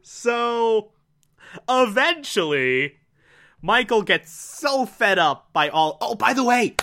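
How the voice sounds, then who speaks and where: This is a relaxed solo recap of a TV episode, delivered at an unhurried pace. The speaker has a bright, sharp-edged tone. They keep breaking into amused laughter and gush over their favorite parts. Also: mid-range voice. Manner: laughs often between sentences; amused, gushing. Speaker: show recapper. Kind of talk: casual recap monologue.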